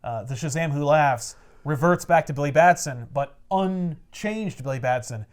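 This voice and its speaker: Animated man recapping a comic. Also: fairly high pitch, moderate pace, clean tone. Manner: animated storytelling, frequent laughs. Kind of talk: casual comic book recap.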